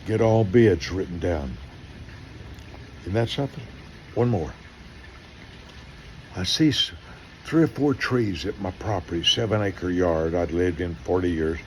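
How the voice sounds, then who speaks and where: A man's voice: deep voice, measured pace, long pauses, a little mellow, a little hiss or hum. An older man, a pastor, telling stories in sermon style and acting out the dialogue with animation.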